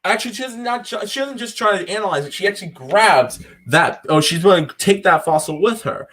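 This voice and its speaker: A man's voice: high voice, expressive, a bit bright. Upbeat man recapping an episode. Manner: rambling, quick recaps with voiced-out quotes. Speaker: podcast co-host.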